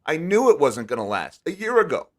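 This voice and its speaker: A man's voice: a little high, very animated, fairly quick. A man hosting a casual live stream, talking candidly and with emphasis, often restarting his words. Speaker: host.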